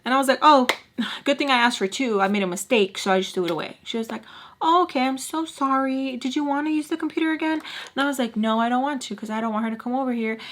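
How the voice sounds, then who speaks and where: A young woman telling a casual storytime vlog, animated and profane, acting out quotes in other voices. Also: fairly high pitch. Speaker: storytime vlogger.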